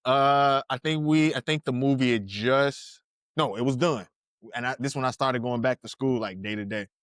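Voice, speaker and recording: A man's voice: mid-range voice, normal speed, a bit bright, clear, resonant tone, dry recording, studio quality. A man in his thirties, a podcast co-host, telling stories in casual chat with slang, laughter and frequent restarts.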